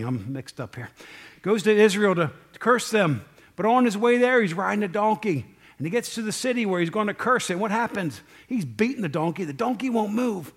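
A man with a high voice teaching from the Bible in an easygoing way. He keeps stopping to ask his listeners questions. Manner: conversational, asks the listeners questions.

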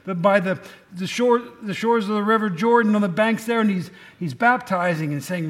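High-voiced man preaching a lively sermon. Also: moderate pace. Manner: lively storytelling with asides and jokes. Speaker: pastor.

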